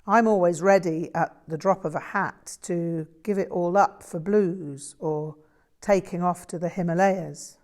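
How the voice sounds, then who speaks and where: A modest young Englishman talks about himself in a reflective, self-deprecating way, as a woman reading a memoir voices him. His speech is slow and measured, and his voice sits a little lower than most women's. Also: fairly even intonation, a little mellow.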